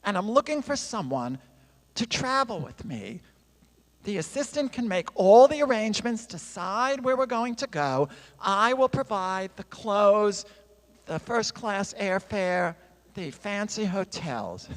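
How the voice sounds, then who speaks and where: A woman's voice: mid-range voice, big pitch swings, unhurried. A man voicing a wealthy elderly widow who speaks in a gracious, confiding way, in a sermon story. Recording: long reverb in a large hall.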